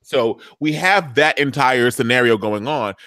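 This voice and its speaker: A man's voice: mid-range voice, unhurried, pushed and bright, dry recording. A man co-hosting a casual TV recap, telling the story animatedly with playful asides. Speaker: podcast co-host.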